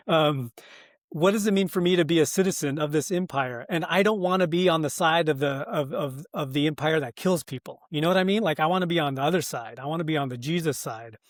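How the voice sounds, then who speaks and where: An American man speaks as a guest in a podcast conversation, earnest and reflective, pausing and restarting as he thinks. His voice sits a little higher than most men's. The sound is dry and close, with no room echo. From United States. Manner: thoughtful, earnest, many fillers and restarts, laughs often. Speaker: pastor and author, guest.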